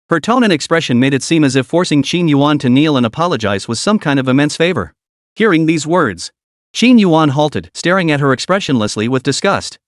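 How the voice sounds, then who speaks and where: A man narrating a scripted story with dramatic, lively storytelling. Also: fairly high pitch, brisk, no room sound, clean studio sound.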